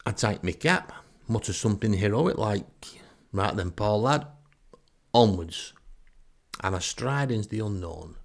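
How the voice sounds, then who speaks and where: An older man with a Northern English accent, a storyteller who hosts a podcast, tells a comic first-person story in a wry, chatty, self-deprecating way, in a deep, gravelly voice.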